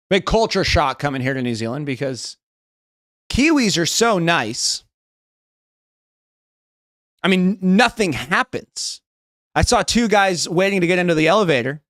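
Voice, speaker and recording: On a livestream, a young West Coast American man chats casually, rambling, swearing, and thinking aloud as he reads chat. His voice is a little high and sing-song with a fairly bright tone, moving at a moderate pace with long pauses. The recording is dry and clean, with studio sound.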